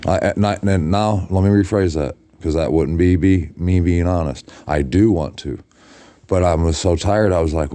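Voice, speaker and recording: A very deep, dark-toned man speaks from a hotel bed, worn out and drained. He rambles, stops and corrects himself as he chats late at night to the people who follow him. The sound is close and dry. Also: moderate pace, dry recording. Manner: rambling, with restarts and self-corrections. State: exhausted and drained. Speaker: video blogger addressing his followers. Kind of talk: casual late-night talk to camera. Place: hotel room, lying in bed.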